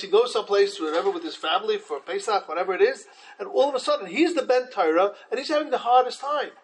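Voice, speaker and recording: A man teaching a Torah class in an animated way, restarting often and acting out quotes. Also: high voice, a little hiss or hum, low-quality recording.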